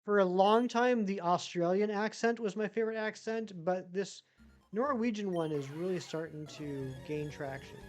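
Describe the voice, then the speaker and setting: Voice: medium pitch, normal speed, soft background music. A live streamer with a general American accent, casually reading chat messages aloud and answering them at length.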